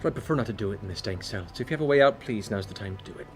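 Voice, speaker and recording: A man's voice: fairly low pitch, expressive, very fast, faint music behind, close to an everyday voice. Man voicing a sarcastic young woman bard. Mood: bitter. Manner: dry, cutting, sarcastic. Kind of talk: tabletop role-play.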